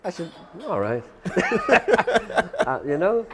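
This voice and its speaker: A man's voice: high-pitched, huge pitch swings, drawn-out words, a bit bright, slight background noise. An Irish man, a guest musician, telling a long rambling anecdote, quoting people's lines and filling with "you know".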